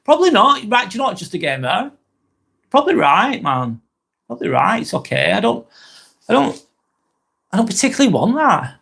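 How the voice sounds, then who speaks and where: A man's voice: sits high, big pitch swings, a little fast, gravelly, pauses often, bright, forceful tone, breathy edge. A British man hosting a live vlog, chatting casually and reading out viewer comments, rambling onto tangents and swearing freely. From Britain.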